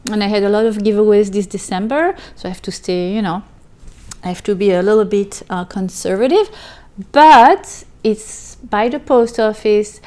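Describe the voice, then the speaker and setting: A woman's voice: mid-range voice, moderate pace, dark tone. A woman hosting a crochet channel, chatting casually on camera while she opens packages from viewers and thanks them at length. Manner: gushing, effusive, repeats "so, so much". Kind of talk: casual vlog, opening mail on camera.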